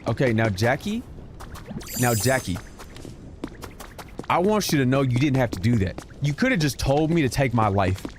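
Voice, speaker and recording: Animated, swearing gaming streamer, game music behind. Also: male voice, medium pitch, a little fast, few pauses. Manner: animated, joking, swears freely. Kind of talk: casual gameplay commentary.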